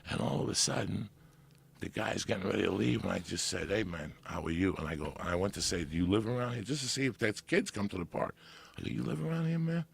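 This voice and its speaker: Guy with a real low gravelly voice, swearing a lot, animated story on a podcast. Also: quick pace. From New Jersey. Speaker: podcast guest. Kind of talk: casual storytelling.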